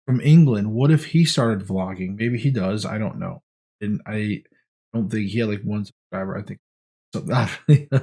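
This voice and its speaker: A man's voice: mid-range voice, warm tone. A man talking casually in a diet vlog, earnest and rambling with frequent restarts. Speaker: vlogger.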